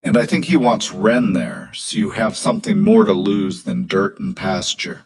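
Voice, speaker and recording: A man's voice: fairly low pitch, sing-song, normal speed, darkish tone. A man voicing an older male country doctor in an audio story, speaking in a breathless, urgent way. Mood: grave.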